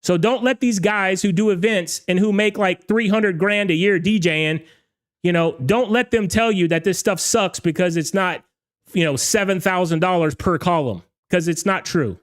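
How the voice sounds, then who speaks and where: A man with a fairly high voice rants to his viewers as a DJ show host. He talks casually and emphatically, often tagging "okay?" and "all right?" onto his points. His voice has gone a little hoarse from talking all night. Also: moderate pace. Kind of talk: casual livestream rant.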